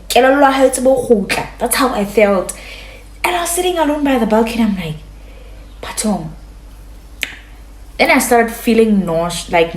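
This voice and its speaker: A young woman telling a story to her vlog in a casual, slangy way, her voice jumping from loud highs to hushed lows. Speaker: vlogger. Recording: echoey room.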